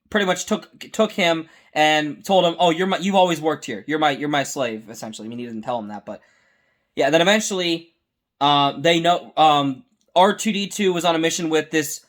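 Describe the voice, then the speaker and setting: A man hosting a casual fan review, talking excitedly and rambling, often stopping to correct himself mid-sentence. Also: on the high side. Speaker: host.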